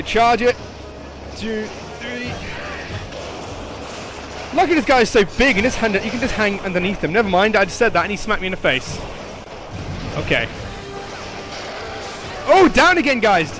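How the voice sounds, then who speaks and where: A young man hosting a gaming channel, giving excitable, joking, profane commentary as he plays online with teammates. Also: high-pitched. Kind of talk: live gameplay commentary. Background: game music.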